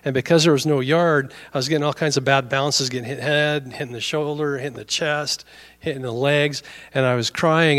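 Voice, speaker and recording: A man's voice: mid-range voice, fairly even intonation, normal speed, fairly bright tone. A middle-aged male pastor giving a conversational sermon, telling a story and acting out both sides of the dialogue.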